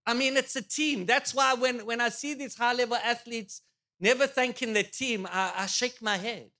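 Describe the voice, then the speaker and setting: A male pastor preaching in a church with a notably high, bright voice that cuts through the room. He jokes with the congregation and fires off rhetorical questions in an animated sermon style. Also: moderate pace.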